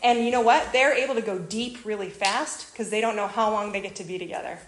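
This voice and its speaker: A woman giving a lively, conversational talk, telling a personal story with frequent asides. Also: mid-range voice, a little fast, a little hiss or hum. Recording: roomy echo.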